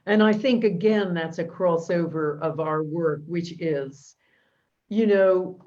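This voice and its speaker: A woman host talking in a measured, enthusiastic way over a video call. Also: lowish voice, darkish tone, lo-fi sound. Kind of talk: video interview.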